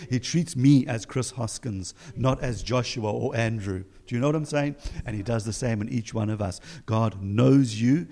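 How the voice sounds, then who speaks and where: A South African man preaching to his congregation. His pitch sits in the ordinary middle range for a man. He presses his points with rhetorical questions and warm encouragement. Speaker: pastor. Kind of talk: sermon.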